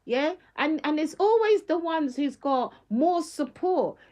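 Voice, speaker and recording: A woman's voice: high-pitched, expressive, a little slow, darkish tone. A middle-aged woman, talking on a casual live stream in an emphatic, slangy way and laughing often.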